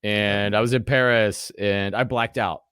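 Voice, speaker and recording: Speaking a little slowly in a fairly low, clean voice, this forties-aged podcast guest wanders through foul-mouthed anecdotes, acting them out with animation in a relaxed way. The studio sound is clean, without any echo.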